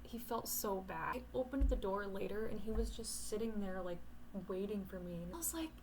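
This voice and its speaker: Young woman, candid casual vlog voice, loose rambling delivery, mid pitch, slight background hiss. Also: a little fast. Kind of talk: casual talk to camera. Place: bedroom at home at night.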